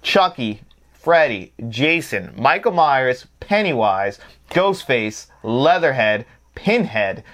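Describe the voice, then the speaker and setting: A man's voice: medium pitch, very animated, slow pace, fairly bright tone. A man co-hosting a casual film chat, blunt and joking, swearing freely. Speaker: podcast co-host.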